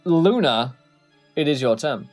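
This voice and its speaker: A man's voice: on the high side, lively intonation, takes it slowly, a little mellow, soft background music. Man rambling as game master. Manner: rambling narration, many fillers. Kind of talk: narrating a tabletop game.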